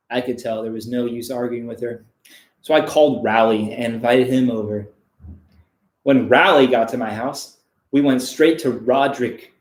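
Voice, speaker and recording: Guy reading a kids book deadpan with crude little asides, medium voice, kinda roomy echo. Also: mid-range voice. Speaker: reader of a children's book on a live stream. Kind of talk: mock-serious comedic book reading.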